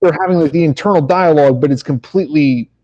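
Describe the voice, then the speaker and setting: A man's voice: on the high side, fast, darkish tone, dull audio. Rambling, swearing male podcast co-host. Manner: rambling storyteller, swears, restarts often. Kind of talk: casual chat.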